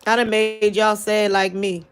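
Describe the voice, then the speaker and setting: A grieving woman talks into her phone or webcam late at night, her voice soft and halting, full of restarts. She speaks, tearful and worn down. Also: mid-range voice, little pitch movement, clean tone. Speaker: livestream vlogger. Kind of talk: late-night livestream talk to viewers.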